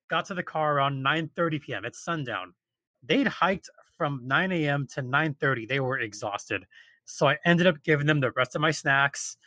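A man tells a story in a casual chat, his voice sitting a little high. He acts out quotes and grows exasperated as he goes. The sound is dry and close. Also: pushed and bright, no room sound.

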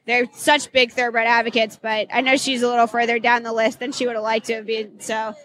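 A woman in casual conversation, gushing and giggling with quick asides. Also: on the high side, flat delivery, fairly bright tone. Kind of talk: casual chat.

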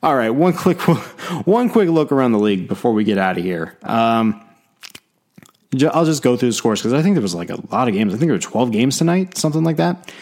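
A man hosting a casual sports podcast, talking in a chatty, rambling way with quick bursts and self-deprecating asides. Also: mid-range voice, big pitch swings, darkish tone. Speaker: podcast host.

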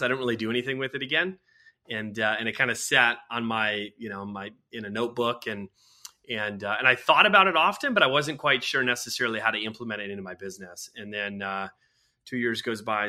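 A man, a guest author and culture consultant, telling anecdotes in an animated, casual interview. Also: medium pitch.

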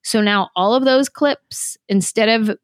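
A woman's voice: a little high, measured pace, clear, resonant tone, dry recording, clean studio sound. A woman in her thirties from California, a comedian telling stories from her career in a casual interview. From San Jose, California. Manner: animated, quotes herself in little voices. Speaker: comedian guest.

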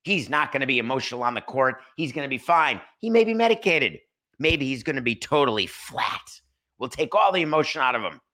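A man's voice: medium pitch, sing-song, fairly quick, bright, forceful tone. A man imitating a league commissioner with a soothing, eager-to-please delivery in a comic podcast bit. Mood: mock reassuring. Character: impression of a smooth, placating league commissioner, adult man.

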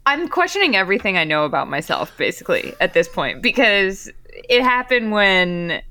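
A woman in her thirties, a podcast guest, telling a lively story and acting out her own and others' lines. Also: mid-range voice, normal speed. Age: 30s. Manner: animated storytelling, quotes herself and others with a laugh. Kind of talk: casual podcast chat.

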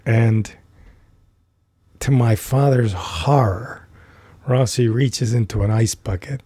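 Husky-voiced man telling a story. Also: mid-range voice, slow, no room sound, clean studio sound. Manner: animated, vivid storyteller. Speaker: podcast guest. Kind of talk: anecdotal storytelling.

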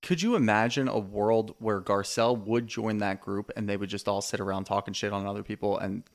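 Animated man in casual podcast chat. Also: on the low side, brisk. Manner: animated, acts out quoted lines; swears freely. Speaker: podcast co-host.

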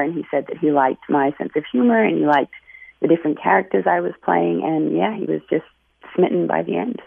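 Gravelly woman caller on a tinny phone. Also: low-pitched, no room sound. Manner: hesitant, many fillers. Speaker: caller, comedy performer. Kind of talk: phone call to a radio show.

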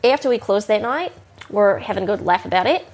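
A woman's voice: medium pitch, animated, brisk, darkish tone. A woman with a mixed Kiwi and Northern Californian accent telling a casual, crude, rambling bar story full of fillers. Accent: Kiwi and Northern Californian mix. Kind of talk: casual spoken anecdote.

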